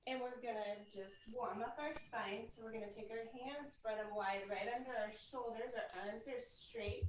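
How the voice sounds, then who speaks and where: A woman's voice: fairly high pitch, fairly even intonation, normal speed, slight background noise. Encouraging woman guiding yoga, roomy sound. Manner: gently cueing each movement, encouraging and chatty. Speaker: yoga instructor. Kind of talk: guiding a live yoga class. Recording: echoey room, voice from a distance.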